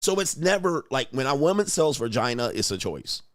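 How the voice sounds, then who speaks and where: The voice is a man of middle pitch, ranting bluntly and swearing freely as a livestream host. The sound is close and dry, with no room around it. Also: sing-song, moderate pace, no echo. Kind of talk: profane ranting commentary.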